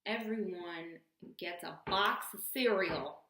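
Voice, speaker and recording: A young adult woman vlogger telling a story in a casual, animated, slangy way, full of jokey asides. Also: on the low side, slow pace. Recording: roomy echo.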